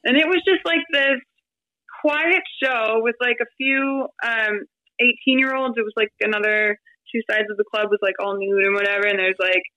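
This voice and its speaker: A woman in her thirties, a podcast guest, telling her story in a chatty, animated way with lots of fillers and quoted asides. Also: fairly high pitch, normal speed, no echo, highs cut off. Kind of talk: casual storytelling interview.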